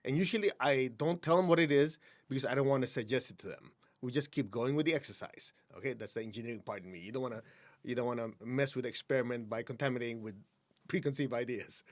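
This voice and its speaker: Guest healer, male, mid-pitched, calm instructive guide with easy laughs. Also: quick pace. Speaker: energy healing teacher, guest. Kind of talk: guiding a breathing exercise.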